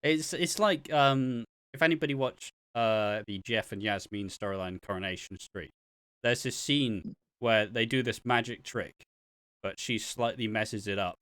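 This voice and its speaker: A man's voice: mid-range voice, measured pace, fairly bright tone, clear, resonant tone, no echo, studio quality. A man co-hosting a podcast, recapping soap episodes in chatty, casual talk and often laughing. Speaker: podcast co-host.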